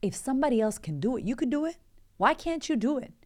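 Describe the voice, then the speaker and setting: This life coach in her thirties speaks in a high-pitched, fast voice as she hosts her motivational podcast. She stays energetic and conversational, rattling off rhetorical questions.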